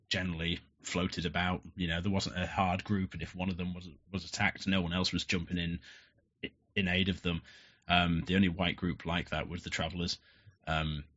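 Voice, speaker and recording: Blunt guest, very low voice with a forceful edge, muffled lo-fi audio. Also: male voice. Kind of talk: casual interview.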